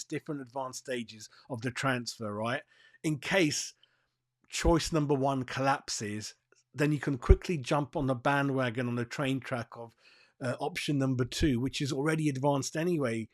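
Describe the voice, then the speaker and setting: Blunt, swearing man ranting football news. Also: mid-range voice. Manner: blunt, profane, fired-up. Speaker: football fan channel host. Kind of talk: casual transfer news rant. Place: seated, in a dry room.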